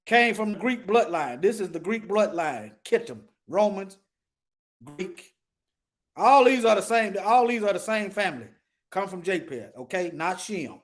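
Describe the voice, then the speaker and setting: A man's voice: high-pitched, a bit bright. A man giving casual, emphatic commentary, repeating himself as he points things out on screen. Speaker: commentator showing on-screen material.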